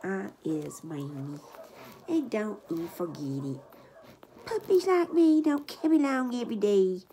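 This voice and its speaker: A woman's voice: medium pitch, lively intonation, a little slow, dark tone, slight background noise. A woman voicing a tough little male puppy who talks back cockily in broken grammar. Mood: sassy. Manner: cocky, ungrammatical backtalk.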